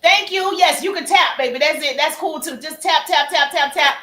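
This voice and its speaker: A woman hosts a casual live stream with sales tips, her voice high and bright. She chats with viewers, calls them baby and acts out sample messages. The room gives back a noticeable echo. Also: normal speed, soft background music. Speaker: livestream host and sales coach. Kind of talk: casual livestream coaching.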